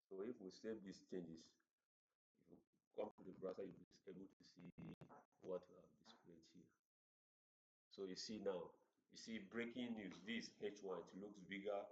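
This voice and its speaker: Halting man teaching code. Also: sits low, steady tone. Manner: halting, repeats words while explaining. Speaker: coding instructor. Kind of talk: screen-share coding tutorial. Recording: roomy, dull lo-fi recording.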